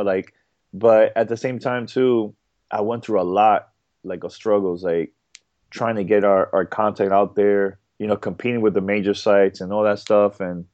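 A man talking as a podcast guest in a casual interview, halting and full of fillers and repeated words. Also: on the low side, a little mellow, dry recording. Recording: dull dry podcast audio.

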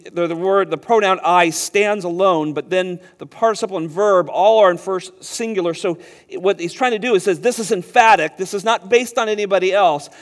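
A man preaching an expository sermon, emphatic and slowing down to stress key words. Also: high voice. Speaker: pastor. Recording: long hall reverb.

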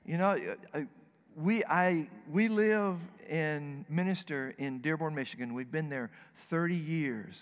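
A man's voice: fairly high pitch, a little slow, in a large hall. A man from the States, preaching a sermon in a folksy, earnest storytelling way. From Southern United States. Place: church sanctuary.

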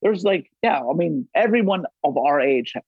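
With a breathy edge and lively intonation, this forties-aged podcast guest spins casual, meandering tales, cursing freely and saying "like" constantly. His voice is a little high at a moderate pace, in dull, dry lo-fi audio.

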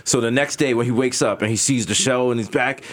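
A man's voice: fairly even intonation, fast. A man co-hosting a podcast, riffing in casual comedic banter and acting out silly voices. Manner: riffing, acts out voices with high yelps and low growls. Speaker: podcast co-host.

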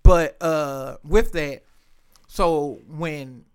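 A man's voice: on the high side, extremely slow, clean tone. A middle-aged man, a podcast co-host, telling profane stories in casual chat and acting out other people's voices. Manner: profane, storytelling, acts out voices, laughs often.

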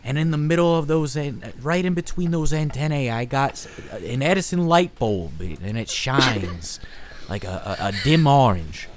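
A man's voice: medium pitch, lively intonation, normal speed, background noise, natural voice. A man voicing a clunky, waddling metal robot man who is boastful and self-important during a tabletop role-play.

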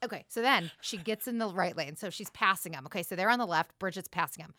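A woman co-hosting a podcast in casual chat, telling stories with animated, teasing delivery and frequent swearing. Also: lowish voice, quick pace, no echo, clean studio sound. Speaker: podcast co-host.

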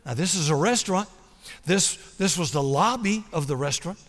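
A man preaching a sermon, telling a story with big swings between loud, acted-out moments and soft, hushed appeals. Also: on the high side, expressive, fairly quick. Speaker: pastor. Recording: long hall reverb.

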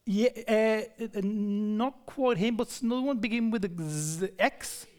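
He speaks a little slowly in a high-pitched voice that is darkish, clear and resonant. The sermon is a conversational Bible study in which he keeps asking the congregation questions and often begins his sentences again.

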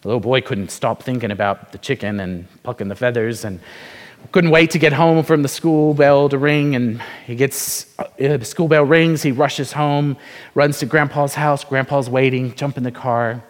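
A man's voice: medium pitch, steady tone, moderate pace. Man preaching in a reverberant hall. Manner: conversational preaching with rhetorical questions. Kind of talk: sermon with storytelling.

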